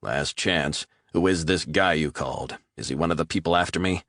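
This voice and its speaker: A man's voice: sits low, moderate pace, fairly bright tone, no room sound, studio quality. A man voicing a hard male operative who speaks in curt, threatening commands. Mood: menacing.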